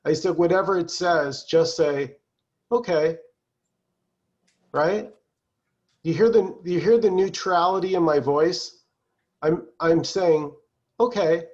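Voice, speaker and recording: Calm man leading a spiritual talk. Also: on the high side, measured pace, dull audio. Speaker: satsang teacher. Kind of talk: spiritual talk on a video call.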